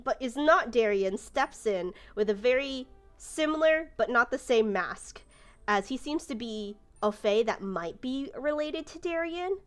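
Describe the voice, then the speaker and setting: A woman's voice: on the high side, fairly bright tone. A woman running a tabletop game as game master, narrating casually with lots of fillers. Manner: casual, rambling with many fillers.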